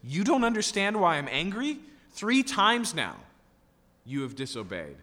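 A man's voice: mid-range voice, lively intonation, moderate pace, pushed and bright. A man voicing an angry ancient soothsayer who scolds his donkey with indignant exasperation. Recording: long hall reverb.

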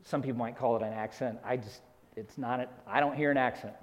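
A man's voice: mid-range voice, steady tone, fast talker. A man from the American South preaching an expository sermon, earnest and explanatory, rising to emphatic peaks. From Southern United States. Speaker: pastor. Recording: long hall reverb.

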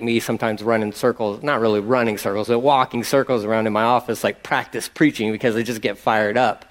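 A man preaching a sermon in a lively, conversational way, acting out little asides. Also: medium pitch. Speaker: pastor.

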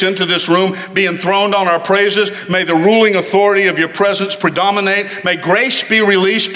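A man preaching a sermon to his congregation in church, animated and calling on them to respond. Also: high voice, big-room sound. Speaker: pastor.

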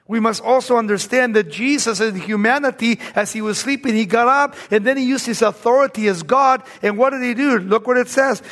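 Husky, high-voiced man preaching a sermon. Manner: swings between raised exclamations and hushed low lines.

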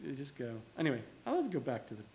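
A pastor preaching a sermon, telling stories in an animated way and chuckling now and then. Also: male voice, medium pitch, quick pace, slight background noise.

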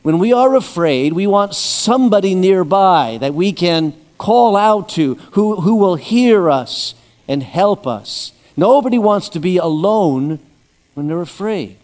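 A pastor giving a conversational sermon with touches of humor. He slows down and drops his voice for scripture readings. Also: sits high, animated, darkish tone, long reverb tail.

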